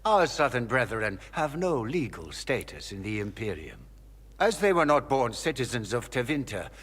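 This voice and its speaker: A man's voice: mid-range voice, fairly bright tone, breathy edge, exaggerated voice. A man voicing a scheming noble mage in a video game, polished and courteous in his speech. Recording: game audio with long reverb.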